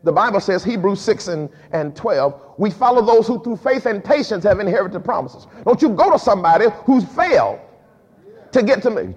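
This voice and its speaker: A man a sermon as pastor, lively and emphatic, with frequent repeated words and casual dialect. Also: sits high, normal speed, husky. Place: church sanctuary. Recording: dull lo-fi recording with long hall reverb.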